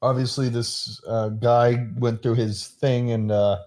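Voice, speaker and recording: A young man co-hosting a casual podcast, eager and loud, with many fillers. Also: mid-range voice, flat delivery, slow pace. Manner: enthusiastic, loud, filler-heavy. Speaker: podcast co-host. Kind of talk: casual chat.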